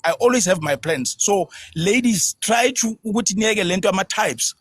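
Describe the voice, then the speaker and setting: A man's voice: high-pitched, moderate pace, a bit bright, breathy edge, dry recording, studio quality. A South African man lecturing the women on a live-stream panel, insistent and direct.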